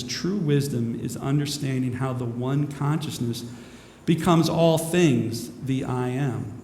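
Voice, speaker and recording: A minister speaks to a crowd in a large hall, rambling and self-mocking as he moves between jokes and spiritual points. His mid-pitched voice rings with long reverb, and a faint hiss lies underneath. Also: a little mellow. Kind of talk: humorous inspirational talk. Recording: echoey hall with faint noise.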